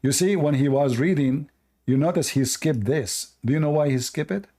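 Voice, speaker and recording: Guy hosting a call-in debate, mocking and jeering, kinda high pitched. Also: normal speed, mellow. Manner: mocking, scornful, laughs at the caller. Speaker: host of a live call-in debate show. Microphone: online call.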